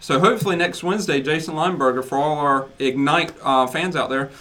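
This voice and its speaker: A man co-hosts a radio chat show in an upbeat, promotional way, rattling off plans in quick bursts. His voice is a little high, and the tone is bright and sharp. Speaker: radio co-host.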